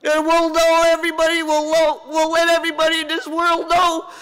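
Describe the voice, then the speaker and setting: A woman's voice: very high-pitched, monotone, fairly quick, fairly bright tone. A middle-aged woman, a grieving mother, making an emotional and defiant public address that breaks at times. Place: large assembly hall. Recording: reverberant hall sound.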